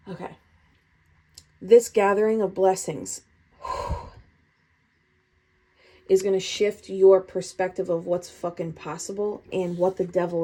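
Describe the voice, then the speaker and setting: Woman tarot reader, warm mellow tone, chatty, expressive and a bit profane. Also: mid-range voice. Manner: chatty and expressive, swears, laughs often. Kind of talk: casual tarot reading.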